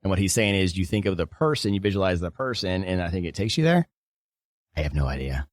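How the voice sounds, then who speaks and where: A man co-hosting a book podcast in casual chat, loose and quick to curse. His voice sits low yet moves around a lot. The recording is dry and close. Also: expressive, no echo. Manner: loose, swears casually, laughs easily. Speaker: podcast co-host.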